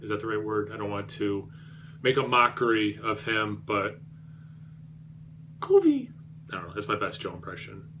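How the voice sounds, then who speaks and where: A man's voice: fairly low pitch, level tone, fairly quick, sharp tone, slight background noise. A man reviewing beer on his vlog, rambling and self-deprecating, with many fillers and restarts.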